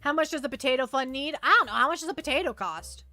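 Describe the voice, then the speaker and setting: High bright girl streamer rambling to chat, dry close mic. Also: expressive, fast, no room sound, faint music behind. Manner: chatty, reads chat aloud, trails off and restarts. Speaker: VTuber streamer. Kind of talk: casual livestream chat.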